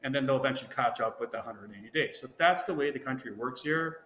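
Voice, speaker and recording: A man's voice: mid-range voice, quick pace, a bit bright. A man from Ontario, a guest, telling anecdotes in casual chat and acting out the dialogue he quotes. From Ontario, Canada. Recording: roomy echo with long reverb, faint noise.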